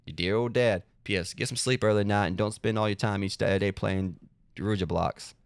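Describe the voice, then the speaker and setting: A man voicing a middle-aged dad writing a fond letter to his son, in a slow, folksy, cartoonish sitcom-dad manner. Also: lowish voice, steady tone, vocal fry, smooth, no room sound, studio quality, pitched below the performer's own voice. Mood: fond, fatherly.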